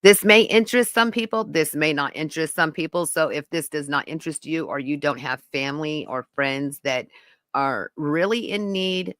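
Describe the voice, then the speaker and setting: A woman's voice: sits low, moderate pace, a bit bright, no echo. A woman hosting a podcast live stream, talking casually and rambling to viewers in the chat. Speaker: podcast host.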